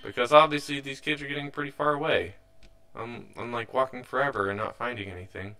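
A man's voice: mid-range voice, fairly quick, bright, forceful tone. A young man hosting a let's play, giving rambling, casual commentary as he plays, often restarting his sentences and sounding mildly frustrated.

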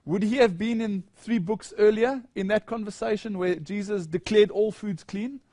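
A man's voice: sits high, a little mellow, dry recording, studio quality. A man preaching a sermon in a church, reading scripture aloud and asking the congregation questions.

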